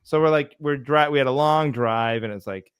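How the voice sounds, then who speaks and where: Smooth-voiced man chatting casually. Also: fairly high pitch, moderate pace, no room sound, studio quality. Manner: laid-back storytelling, laughs easily. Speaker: podcast co-host. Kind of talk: casual chat.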